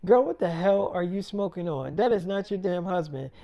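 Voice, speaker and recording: A man's voice: sits high, lively intonation, moderate pace, mellow. A man voicing an exasperated middle-aged mother who scolds bluntly and curses. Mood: scolding. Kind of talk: casual spoken story.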